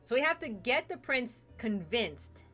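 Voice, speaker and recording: A woman's voice: fairly high pitch, sing-song, measured pace, sharp tone, faint music behind. A woman streaming a story game, chatting casually and narrating a fairy tale in a playful way, hopping into character voices.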